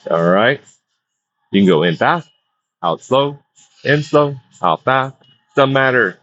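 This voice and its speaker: A man's voice: medium pitch, animated, a little slow, a bit bright, no echo. A man leading a stretching session, coaching in a loose, casual way and repeating his cues about breathing and balance. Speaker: wellness instructor. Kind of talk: guided stretching class. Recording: dull lo-fi dry sound.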